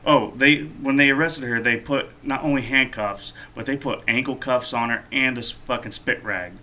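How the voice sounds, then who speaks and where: A man's voice: mid-range voice, steady tone, moderate pace, pushed and bright. A man co-hosting a podcast, casually telling a rambling, profane story. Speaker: podcast co-host.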